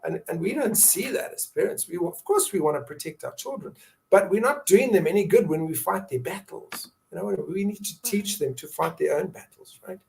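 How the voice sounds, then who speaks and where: A man's voice: high voice, expressive, normal speed, vocal fry, a little mellow. A middle-aged man speaking as a guest, telling his story in an earnest, candid conversational way, with many fillers and restarts and bursts of laughter. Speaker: guest, survivor and advocate.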